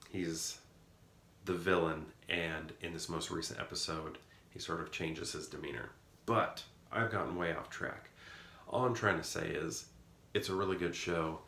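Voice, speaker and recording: Rambling low-voiced man vlogging. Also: vocal fry, bright, forceful tone. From rural Midwest of the US. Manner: rambling, musing, self-correcting. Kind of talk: casual vlog chat. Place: indoor room. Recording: echoey room with faint noise.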